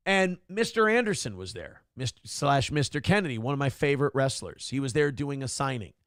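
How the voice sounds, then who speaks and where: A man's voice: mid-range voice, a little fast, smooth, dry recording, clean studio sound. A man in his forties hosting a morning talk show, telling profane, rambling stories in a casual chat style. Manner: profane, animated storytelling.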